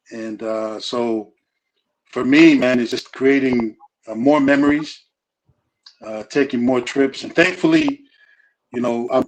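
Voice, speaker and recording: The audio is poor as a middle-aged man, invited to speak about family, chats casually at a normal middle pitch. He meanders, restarts his sentences often, and sprinkles in plenty of "you know"s.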